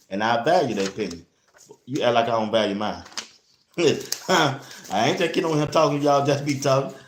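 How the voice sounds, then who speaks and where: A man hosting a casual sports talk show, blunt and animated, speaking straight to his listeners. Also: medium pitch, a little hiss or hum. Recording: roomy echo.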